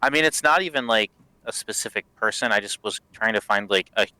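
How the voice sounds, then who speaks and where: A man's voice: lowish voice, fairly quick, pushed and bright, smooth, no room sound, low-quality recording. A man running a tabletop game as dungeon master, narrating with hesitant fillers.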